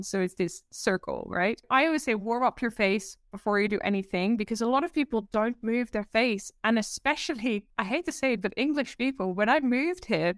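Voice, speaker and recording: A woman presentation coach being interviewed over a video call, talking in an animated, emphatic way and acting out the people she quotes. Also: a little high, no echo, clean studio sound. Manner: expressive, emphatic, acts out quotes. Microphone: video call setup.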